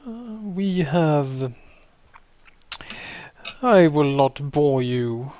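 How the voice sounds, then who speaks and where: A man voicing a courteous, self-assured wizard who speaks formally with slow emphasis. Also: on the high side, lively intonation, a little mellow. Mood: formal, courtly. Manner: formal, theatrical bowing speech with slow emphasis.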